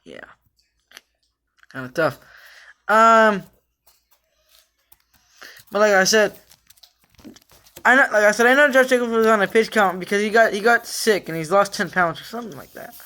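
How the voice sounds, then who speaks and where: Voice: medium pitch, lively intonation, moderate pace, pauses often, bright, forceful tone. Rambling frustrated sports fan ranting. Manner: many fillers and restarts. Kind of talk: casual fan rant.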